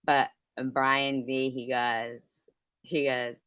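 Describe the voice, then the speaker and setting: A livestream host, a middle-aged woman, speaks in a rumbling low, fairly bright voice, animated and a little slow. She swaps stories and answers viewers casually, laughing frequently and swearing freely, over a computer mic with dry, dull, echo-free lo-fi sound.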